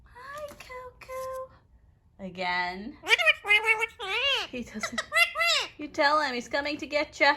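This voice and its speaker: A woman's voice: sits high, expressive, slow pace, pauses often, slight background noise. A woman at home talking baby talk to her pet parrots. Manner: sing-song baby talk to birds. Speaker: pet owner. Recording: loud parrot squawks behind.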